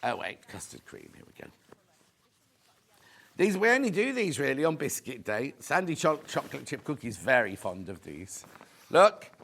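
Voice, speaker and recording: Lively chatty British TV host man. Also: mid-range voice, normal speed, gravelly, slightly rough. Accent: British English. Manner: chatty, camp asides, reads viewer comments aloud. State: a bit out of breath. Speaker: shopping channel host. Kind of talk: live TV sales presenting.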